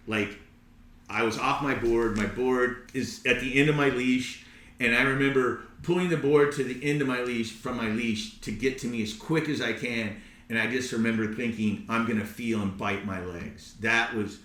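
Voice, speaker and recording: Man telling a story, roomy echo. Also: mid-range voice. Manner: animated, repeats words while telling. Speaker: podcast guest. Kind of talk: casual storytelling.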